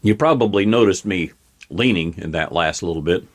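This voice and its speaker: A man hosting his own talk show, speaking in a somewhat low voice. He delivers opinionated commentary in a folksy, plain-spoken way, recorded through a camera mic at his desk. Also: normal speed. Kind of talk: casual political commentary. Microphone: webcam on desk.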